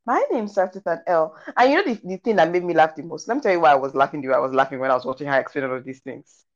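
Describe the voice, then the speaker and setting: A woman's voice: sits low, very fast, dull audio. A woman co-hosting a casual podcast, animatedly retelling and acting out movie scenes. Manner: animated storytelling, acts out scenes. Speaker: podcast co-host. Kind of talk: casual movie review chat.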